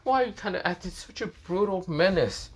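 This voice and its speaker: A man's voice: high-pitched, animated, brisk, husky, voice pushed up. A man voicing a cheerful, clingy teenage girl in a fan-made story, his voice lifted slightly and eager.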